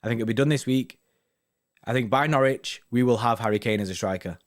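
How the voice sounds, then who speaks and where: Chatting with viewers on a football fan live stream, this young host leans heavily on slang and phrases such as "innit" and "you know what I mean". He speaks fairly quickly at medium pitch.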